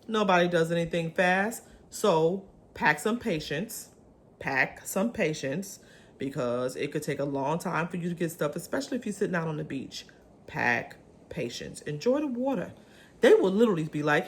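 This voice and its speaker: A woman vlogger chatting casually to camera in a chatty, animated way, with swooping pitch and many ums.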